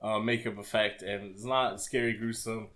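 A man's voice: lowish voice, fairly even intonation, moderate pace, fairly bright tone. A man co-hosting a podcast in casual chat, rambling with crude, jokey banter. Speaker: podcast co-host.

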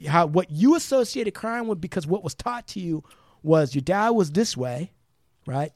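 A man hosting a podcast with a somewhat high voice, sounding dry and close to the mic. He chats casually and probes with questions, slipping into quoted asides as he talks. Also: a little mellow, dry recording. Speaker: podcast host. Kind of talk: casual chat.

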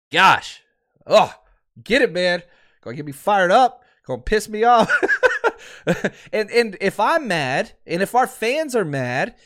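Male podcast host in his thirties, high and lively voice, sarcastic fired-up fan rant. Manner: heated, sarcastic ranting with mocking quotes; calms to a quieter, lower promo pitch.

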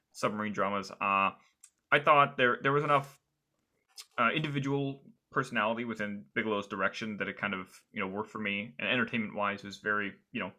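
A man with a low-leaning, bright voice chats loosely about movies on a podcast. He circles his points with fillers and restarts. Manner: rambling, many fillers and restarts. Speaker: podcast co-host. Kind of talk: casual film discussion.

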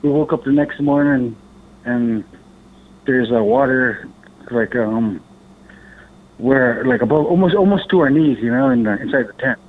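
A man's voice: mid-range voice, a little slow, long pauses. A man from Alaska, a podcast guest, telling a rambling story in casual talk, swearing now and then and acting out what others said. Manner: rambling, animated, swears, acts out others' lines. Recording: tinny phone-like line.

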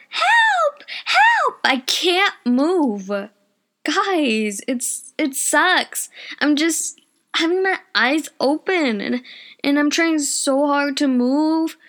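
A woman's voice: high-pitched, fairly bright tone. A young woman, chatting casually at home in her bedroom and rambling through a personal story, often losing her train of thought. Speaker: vlogger.

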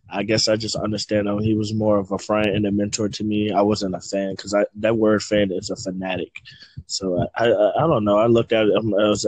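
A man's voice: fairly low pitch, no room sound, rough recording. A man from Virginia, hosting a casual chat and rambling as he searches for words. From Virginia, United States. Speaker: host.

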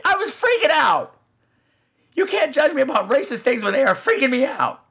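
A man's voice: very high-pitched, moderate pace, creaky. A man hosting a podcast, telling a comic story and swooping in and out of voices. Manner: animated, swoops into voices and gasps. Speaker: podcast host.

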